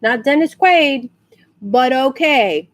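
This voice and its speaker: A woman from San Antonio, Texas, chatting casually in a rambling way and acting out quotes in high squeals. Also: moderate pace, a little mellow. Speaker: vlogger. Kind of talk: casual storytelling rant.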